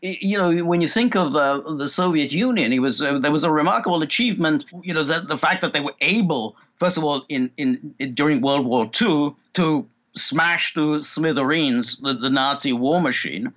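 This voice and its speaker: A man, a guest analyst in a political interview, speaking haltingly with many fillers and repeats. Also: on the high side, fairly bright tone, lo-fi sound.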